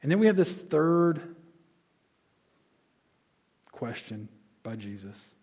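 A man's voice: a little high, big pitch swings, takes it slowly, darkish tone. Conversational male pastor preaching a sermon. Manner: conversational, explains and restates words.

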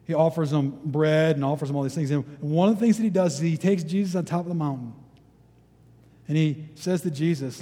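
A male pastor giving a sermon, reading scripture aloud and then retelling it in relaxed, conversational terms. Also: fairly high pitch, fairly quick, husky, long reverb tail. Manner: reads scripture, then retells it in casual everyday speech. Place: church sanctuary.

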